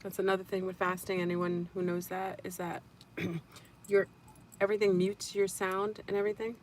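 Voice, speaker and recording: A woman's voice: medium pitch, little pitch movement, moderate pace, a little hiss or hum. A woman hosting a casual livestream, telling a spiritual story in a rambling way and repeating and restarting her phrases.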